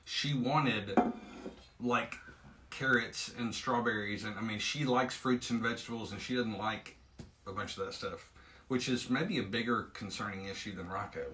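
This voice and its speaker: A man's voice: on the low side, normal speed, pushed and bright, a little hiss or hum, poor audio. A man in his forties co-hosting a live morning show, chiming in with dry teasing remarks. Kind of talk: casual live chat.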